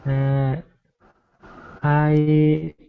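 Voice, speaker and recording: A man's voice: on the high side, monotone, drawn-out words, creaky, narrow, tinny audio, slight background noise. A man answering as a student in an English class, hesitant and careful with each word.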